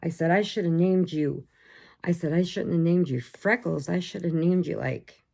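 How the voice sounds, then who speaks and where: Woman, gravelly, low-pitched, animated casual rant, vlogger. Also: normal speed. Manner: animated, acts out voices for pets. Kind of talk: casual ranting chat.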